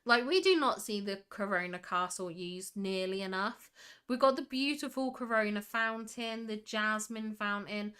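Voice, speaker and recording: A woman's voice: mid-range voice, normal speed, bright, forceful tone, clear, resonant tone. A young woman hosting a casual livestream, reading chat and gushing over screenshots with frequent giggles. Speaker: livestream host.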